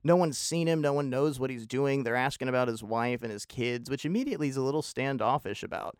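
A man's voice: medium pitch, quick pace, clear, resonant tone, no room sound, studio quality. A man casually reviewing a film on his show, opinionated and rambling, with wry self-deprecating asides.

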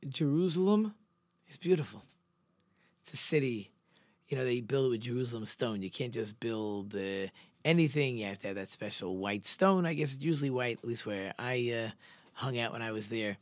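A man retells a religious story as an informal Torah lesson. He rambles and stops to correct himself. He slows right down to press on the words that matter. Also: mid-range voice, no echo. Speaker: religious teacher.

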